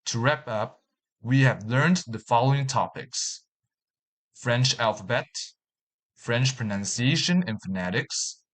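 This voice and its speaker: A man narrating a scripted beginner language lesson, reading out examples slowly and deliberately. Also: medium pitch, a bit bright. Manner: slow, deliberate, reading out example words and sentences. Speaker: language teacher.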